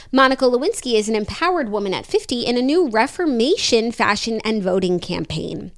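Woman cohost reading gossip news, fairly high voice, swoops around, dry teasing. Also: animated, a little fast, few pauses. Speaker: podcast co-host. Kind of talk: casual chat, reading news stories.

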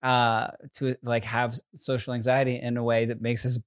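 A man co-hosting a casual chat, speaking in a relaxed, halting way. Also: mid-range voice, clear, resonant tone, no room sound, clean studio sound. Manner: relaxed, halting, with fillers and restarts. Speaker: podcast co-host.

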